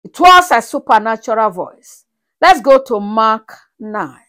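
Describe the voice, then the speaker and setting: A woman preaches a sermon in a high voice that swoops up and down with feeling. She takes her time, reads scripture aloud slowly and keeps asking the congregation whether they are following. Laughter and shouts of praise break in between the verses. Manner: animated, with frequent rhetorical checks on the congregation. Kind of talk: sermon with Bible reading.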